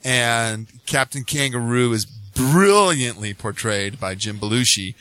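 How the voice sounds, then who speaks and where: A man co-hosting a podcast in casual chat, animated and giggly, with stumbling restarts. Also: medium pitch, measured pace, no echo. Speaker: podcast co-host.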